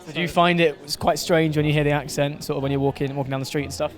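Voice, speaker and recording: A man's voice: fairly high pitch, steady tone, quick pace. A man with a West Country accent presenting a vlog and teasing passers-by with questions on city streets. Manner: cheeky, teasing, upbeat. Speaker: vlogger doing street interviews. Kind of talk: casual presenting and vox-pop questioning.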